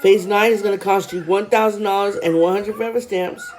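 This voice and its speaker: A woman vlogger explaining a money program in casual talk, reading figures quickly with chatty asides to viewers, a little out of breath. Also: mid-range voice, fairly even intonation, darkish tone, soft background music.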